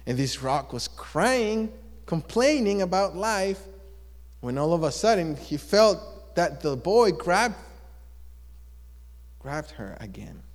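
A man telling a story to listeners in an animated, drawn-out way, asking them questions as he goes. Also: sits high. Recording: long echo of a large hall.

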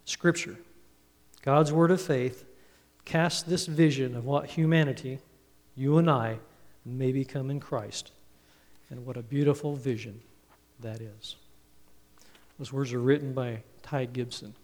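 A man's voice: medium pitch, steady tone, a little slow. Man preaching in a reverberant church. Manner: earnest, storytelling, trails off softly at phrase ends. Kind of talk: Father's Day sermon. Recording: reverberant hall, speaker a bit off-mic.

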